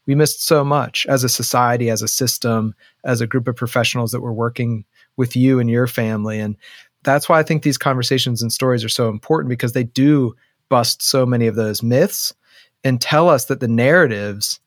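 A man's voice: mid-range voice, moderate pace, dry recording, studio quality. A man hosting an interview, reflective and affirming, who often checks in with "right?". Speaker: host. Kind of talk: podcast interview and narration.

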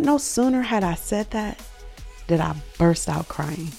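A woman's voice: lowish voice, expressive, unhurried, gravelly, dark tone, faint music behind. A woman hosting a show, earnestly telling a personal faith story, reflective and emotional at its peaks.

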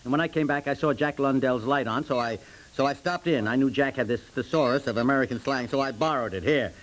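An actor playing a fussy, easily flustered middle-aged husband in a 1950s radio comedy, sputtering and indignant. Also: male voice, medium pitch, quick pace, close to an everyday voice, low-quality recording.

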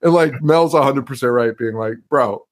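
A man's voice: medium pitch, a little fast. A young man co-hosting a podcast, talking casually, swearing a lot and laughing often. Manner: animated, profane, laughs often. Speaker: podcast co-host. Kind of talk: casual chat.

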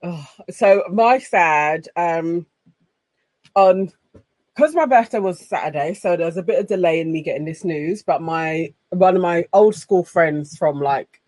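Podcast co-host, earnest and quick when moved, dry recording. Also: mid-range voice, darkish tone, no echo. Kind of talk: casual chat.

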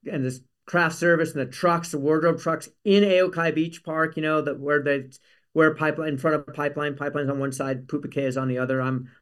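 A man, a guest on an interview show, telling a rambling story in an animated way and acting out what others said. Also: a little high, brisk. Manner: animated, acts out quotes, rambling asides. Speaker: guest, actor. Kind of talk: casual storytelling.

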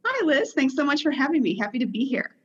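A woman's voice: high-pitched, very animated, fast, muffled recording. A woman author being interviewed as a podcast guest, telling her story in a hesitant, reflective way. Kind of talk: interview conversation.

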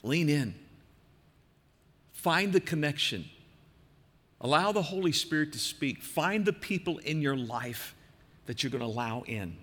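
An older man, a pastor from the American Midwest, preaching an earnest sermon that slows and softens for emphasis. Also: a little high, animated, in a large hall.

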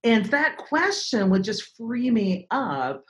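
A woman's voice: a little high, slow pace. A woman in her forties, a speaker and trainer, telling a dramatic story as an interview guest and acting out other people's voices. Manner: animated, dramatic storyteller who acts out voices.

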